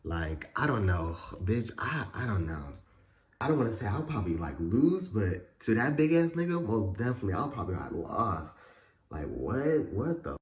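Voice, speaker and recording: A man with a fairly low voice tells a story for his vlog in loose, cussing slang. His pitch swings all over as he acts out what people said, leaping into high squeaks. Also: moderate pace. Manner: animated, profane storytelling full of slang and fillers; acts out quotes with sudden high pitch jumps. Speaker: vlogger telling a story. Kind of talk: casual storytime.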